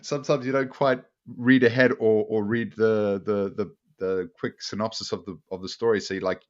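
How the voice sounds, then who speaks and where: A man co-hosting a casual podcast chat, animated and laughing, often jumping into put-on voices. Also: lowish voice, moderate pace, highs cut off. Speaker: podcast co-host.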